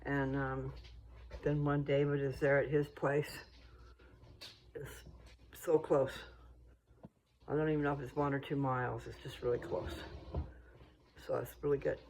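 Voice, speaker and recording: Woman, gravelly, chatty, meandering talk, outdoors, faint background noise. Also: very deep voice, flat delivery, moderate pace, pauses often, darkish tone, poor audio. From United States. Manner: chatty, meandering, thinking aloud. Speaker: vlogger. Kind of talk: casual rambling monologue while walking. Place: outdoors on a walk.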